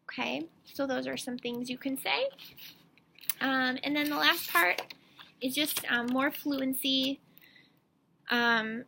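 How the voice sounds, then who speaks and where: Bright-voiced woman reading specialist. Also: fairly high pitch, gravelly. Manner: chatty, explaining step by step with frequent ums. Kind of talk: informal instructional talk to parents.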